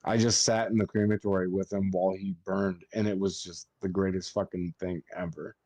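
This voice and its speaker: A man's voice: low voice, flat delivery, brisk, a little mellow, no room sound. A man who works as a funeral director, chatting on a podcast and swearing freely as he tells stories. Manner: swears a lot while telling stories. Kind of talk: casual podcast chat.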